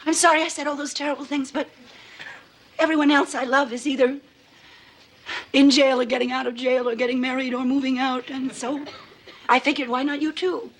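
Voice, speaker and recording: An actress playing an anxious, suspicious middle-aged wife in a sitcom, shrill and accusing, swinging to teary. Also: female voice, little pitch movement, brisk, long pauses. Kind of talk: sitcom acting before a studio audience.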